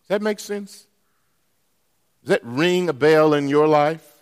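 A man preaching a sermon as a pastor, posing rhetorical questions to the congregation in a deliberate way. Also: a little high, clean tone. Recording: long reverb in a church hall.

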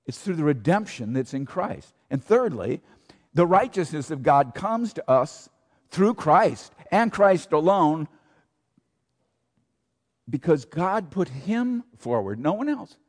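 Emphatic high-voiced pastor in a reverberant church. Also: male voice, sing-song, takes it slowly. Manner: emphatic, rhetorical questions, repeats key phrases. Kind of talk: sermon. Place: church sanctuary.

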